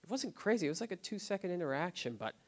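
A man sharing his recovery story in a casual, unscripted way, often quiet and subdued. He talks haltingly, filling his sentences with "like" and "you know what I mean" and restarting his phrases. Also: high-pitched, sing-song. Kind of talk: personal testimony, casual and unscripted. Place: recovery group meeting.

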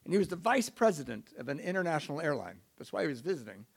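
A middle-aged man with a fairly high voice tells a self-mocking story to a room of listeners. He talks animatedly, swinging between low, quiet asides and loud, excited bursts. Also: fast talker, vocal fry, husky. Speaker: speaker sharing recovery story. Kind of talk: storytelling talk to an audience.

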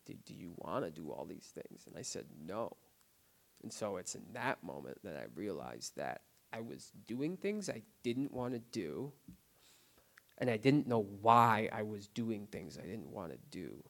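A man sharing his recovery story in a casual, unscripted way, often quiet and subdued. He talks haltingly, filling his sentences with "like" and "you know what I mean" and restarting his phrases. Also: fairly low pitch, creaky. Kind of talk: personal testimony, casual and unscripted. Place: recovery group meeting.

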